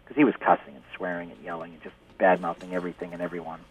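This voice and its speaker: A man who is a spiritual teacher, a guest on a radio show, telling a story gently and laughing often over a phone line. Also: sits low, flat delivery, racing, breathy edge. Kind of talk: storytelling in conversation. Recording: tinny distant phone line.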